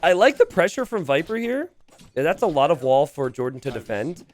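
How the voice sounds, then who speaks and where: A man casting a strategy game, joking with his co-caster and laughing often. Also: a little high. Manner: animated, joking, quick to laugh. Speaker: esports caster. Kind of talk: live game commentary with banter.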